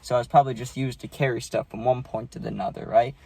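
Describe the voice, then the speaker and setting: A man's voice: medium pitch, steady tone, fast, gravelly, darkish tone, slightly rough, dry recording. Man, loose swearing storyteller, middling voice, dry close recording. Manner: loose and profane, many fillers and tag questions. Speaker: vlogger. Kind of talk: casual storytime.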